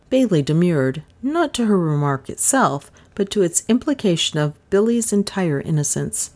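Low, lively woman reading a mystery. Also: moderate pace, hardly any pauses. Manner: dramatic, suspenseful storytelling. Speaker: audiobook narrator. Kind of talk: expressive scripted narration.

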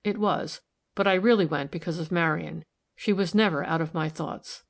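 A man's voice: a little high, moderate pace, gravelly. A woman reading a sober, wistful young man. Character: troubled young man confiding in a visitor. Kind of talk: audiobook character reading.

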